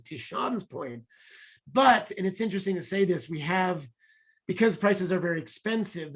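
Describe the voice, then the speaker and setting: A man's voice: a little high, breathy edge. A man on a webinar panel, explaining economics in an eager, rambling way over a video call. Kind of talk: webinar discussion.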